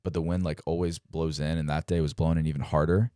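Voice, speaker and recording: A young man from Delaware, a professional ballplayer, telling stories in a relaxed way, full of "like" and "um". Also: a bass voice, quick pace, no room sound, clean studio sound. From Delaware, United States. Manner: relaxed, heavy use of "like" and "um", acts out quotes. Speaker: guest, professional baseball player. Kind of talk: casual storytelling interview.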